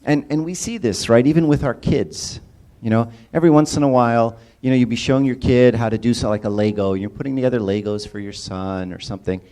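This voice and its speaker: A man's voice: medium pitch, fast, warm tone. A man giving a conversational sermon-style talk, often asking the audience questions and checking in with "right?". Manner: casual, engages audience with questions and repeated "right?". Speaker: church speaker.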